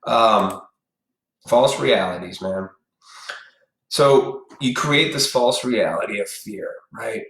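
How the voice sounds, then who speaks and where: A man's voice: fairly low pitch, expressive, unhurried, a bit bright. A man hosting a casual live stream, ranting bluntly and with profanity straight at his viewers in a preachy tone. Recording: echoey room.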